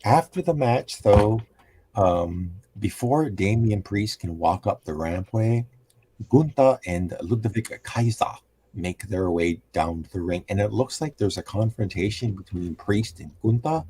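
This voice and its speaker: A man giving a casual, halting recap of a wrestling show on a podcast, with many pauses and restarts. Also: lowish voice, expressive, dark tone, a little hiss or hum.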